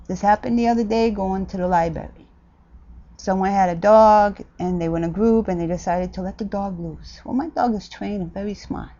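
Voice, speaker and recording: A woman ranting bluntly and sarcastically in a casual vlog, jumping from loud outbursts to low mutters. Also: highs cut off. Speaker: vlogger.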